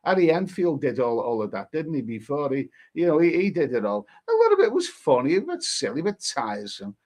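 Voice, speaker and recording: A man's voice: on the high side, wildly swooping pitch, a little fast, darkish tone. A man hosting a casual live stream, reading viewer comments aloud and chatting about them in a rambling way, repeating phrases and restarting his sentences. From England.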